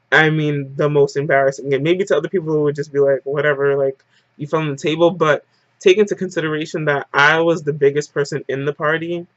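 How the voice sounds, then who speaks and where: A woman's voice: deep voice, fairly bright tone, dry recording. A woman rambles through a dramatic story-time retelling, dropping "like" into nearly every phrase. Her voice comes through a dull, lo-fi recording. The room sounds close and dry. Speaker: vlogger. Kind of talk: casual story-time monologue.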